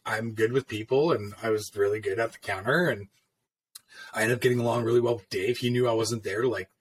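Brisk and husky, this man's fairly low voice keeps a fairly even intonation as he spins yarns from his years as a tattoo artist. The storytelling is offhand and meandering, heavy on cursing and filler.

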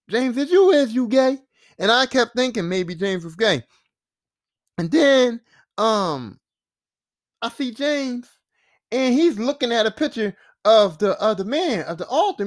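A man with a fairly high voice recaps a TV episode in a casual, animated and profane way. He is recorded dry and close, with no room sound. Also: no room sound. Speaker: podcast host.

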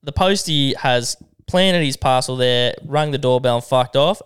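Smooth-voiced Australian podcast co-host. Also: male voice, medium pitch, unhurried, fairly bright tone. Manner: enthusiastic, chummy banter. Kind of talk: casual chat.

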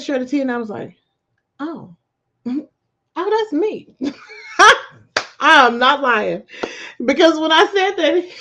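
A woman hosting her podcast in a casual motivational chat, telling stories in an animated way and often laughing, her voice jumping high when she quotes herself. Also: highs cut off. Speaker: podcast host.

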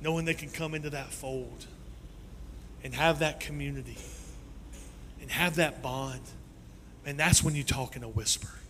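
A male pastor preaching a sermon in a church sanctuary. His delivery is animated and swings between loud and soft. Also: a little high, moderate pace, noisy background. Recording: long reverb in a large hall.

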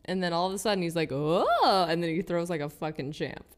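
Young woman cohost, lowish voice, deadpan teasing in casual chat. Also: a little fast. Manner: dry, teasing jokes. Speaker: podcast co-host.

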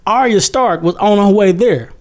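A man with a high-set voice retells a story in a casual conversation. He is animated and loops back on phrases for emphasis. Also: moderate pace. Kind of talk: casual chat.

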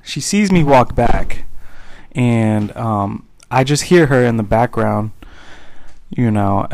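A man co-hosting a casual podcast tells an anecdote in an unhurried, amused drawl. His voice sits mid-range and comes across dry and close, with no room in it. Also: mid-range voice, lively intonation, vocal fry, a little mellow, no room sound. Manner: laid-back, amused, chuckling. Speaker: podcast co-host.

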